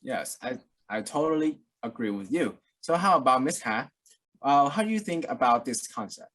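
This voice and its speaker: A man's voice: medium pitch, expressive, normal speed, a bit bright. A man moderating a webinar panel, polite, with frequent uhs.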